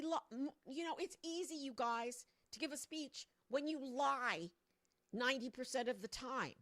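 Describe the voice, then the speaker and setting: A woman on a livestream ranting about politics into her microphone on a stand, rambling and mocking as she talks to her viewers. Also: on the high side. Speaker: political commentator streaming to viewers. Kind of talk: casual political rant on a livestream. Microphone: own microphone on a stand.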